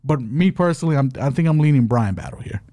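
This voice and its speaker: Quick and mid-range, this man's voice carries a casual fight betting podcast he co-hosts, with no room sound. He picks apart matchups in an animated way, cracking jokes and tossing off asides like a hype announcer.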